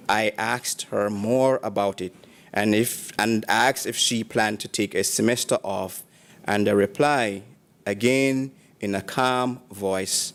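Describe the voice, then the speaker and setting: A man at a graduation ceremony reading prepared tributes aloud, in a measured, formal manner and in short phrases. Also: on the low side, fairly even intonation, gravelly, a bit bright.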